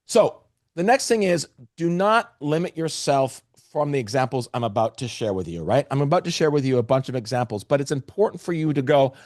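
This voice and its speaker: A man's voice: mid-range voice, sing-song, brisk, a little mellow, dry recording, clean studio sound. A man presenting a live webinar, talking to the chat with energy and restarting phrases often.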